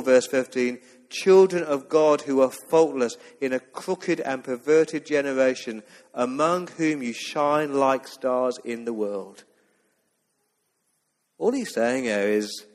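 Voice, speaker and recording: A man of middle pitch preaches a Sunday sermon with earnest emphasis. He reads scripture aloud and presses his points home. His voice carries a long reverb from the hall. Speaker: pastor. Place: church.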